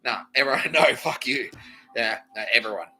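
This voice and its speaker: A man's voice: mid-range voice, fairly quick, bright, forceful tone, faint music behind, low-quality recording. A man hosting a comedy podcast, rambling through a profane monologue and laughing often. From Australia. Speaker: podcast host.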